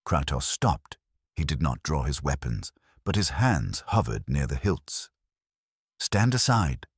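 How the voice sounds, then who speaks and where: A man narrating a scripted story in a dramatic, measured way. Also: rumbling low, very animated, vocal fry, slightly rough, no echo, studio quality.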